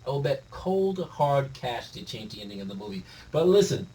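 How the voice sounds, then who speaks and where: A man's voice: medium pitch, big pitch swings, normal speed, warm tone, distant mic, slight background noise, poor audio. A man giving a casual, exasperated film review late at night at home, laughing often. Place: home room.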